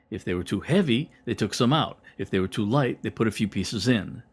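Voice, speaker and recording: A man, the author, narrating an audiobook of his own novel in a measured, reflective first-person telling. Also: medium pitch, a little mellow.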